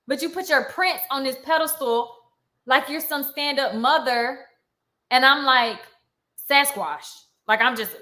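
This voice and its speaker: A young woman vlogger ranting heatedly on a live stream, indignant and fast-talking, with features. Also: fairly high pitch, bright, forceful tone.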